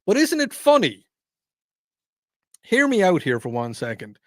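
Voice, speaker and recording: A man's voice: sits high, huge pitch swings, measured pace, no echo, clean studio sound. A man hosting, delivering a rambling, wry, opinionated monologue full of asides. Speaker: host. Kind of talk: opinionated radio-style monologue.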